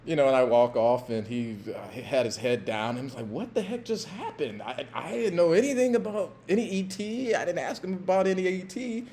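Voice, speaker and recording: A man hosting a podcast, telling a casual story in a rambling, halting way with many fillers and restarts. He is a former pro football player. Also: on the high side, lively intonation, a little mellow, slight background noise.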